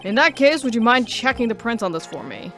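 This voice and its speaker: A woman's voice: on the high side, expressive, a little fast, over music, voice pushed up. A woman voicing an anxious young male defense lawyer, earnest and wry.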